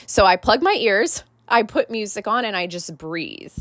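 A woman's voice: medium pitch, very animated, normal speed, fairly bright tone, dry recording, studio quality. A woman podcast host and life coach, telling a personal story in a casual, candid way, full of "like" and "right?".

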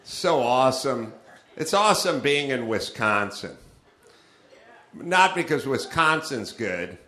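A man's voice: medium pitch, sing-song, slow, pushed and bright, a little hiss or hum. A middle-aged man from Los Angeles hosting a live comedy show, riffing and acting out the people he quotes. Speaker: podcast host. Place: comedy club stage. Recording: roomy live club sound.

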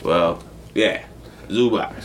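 A man's voice: low-pitched, slow pace, a little hiss or hum. A man co-hosting a casual sports podcast, joking and cursing, slipping into mock voices. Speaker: podcast co-host.

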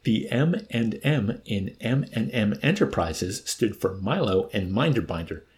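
A man reading a novel aloud in an animated way, now and then laughing and adding amused asides. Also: fairly low pitch, measured pace. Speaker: reader.

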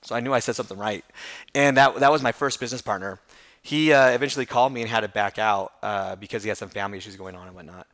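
A man in his thirties recounts how he built his business, talking quickly and with animation. He pokes fun at his younger self and laughs as he goes. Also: on the low side. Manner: fast, animated storytelling with self-deprecating laughs. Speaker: hair school franchise owner. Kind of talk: interview storytelling.

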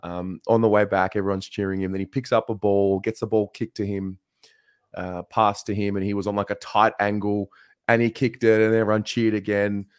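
Calm low-voiced man running the show. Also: brisk, clean tone, no echo, studio quality. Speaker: co-host. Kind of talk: casual show chat and announcements.

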